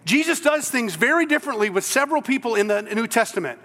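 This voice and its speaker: Pastor, male, high bright voice, animated storyteller, church hall echo. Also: quick pace. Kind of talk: sermon.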